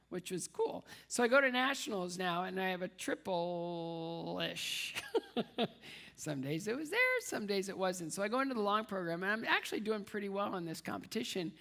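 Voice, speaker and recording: A man speaks as a dinner guest with a gravelly, slightly rough edge to his voice. He tells his story with self-deprecating humor and sharp comic timing, leaning on repetition for laughs. He also slips into the voices of the people he quotes. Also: high-pitched, animated, normal speed. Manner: acts out quoted voices of others. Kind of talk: humorous personal storytelling speech.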